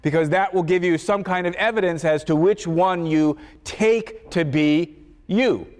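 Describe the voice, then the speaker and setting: A male philosophy professor giving a university lecture, halting and repeating words, with many fillers. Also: sits high, darkish tone. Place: large lecture hall. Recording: echoey lecture hall.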